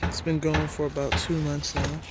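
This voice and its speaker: A man's voice: a little high, level tone, normal speed. A man casually narrating a walk through his home garden, laid-back and rambling, chuckling to himself as he films outdoors. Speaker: gardening vlogger. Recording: outdoor clip with loud traffic noise. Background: loud traffic and street ambience.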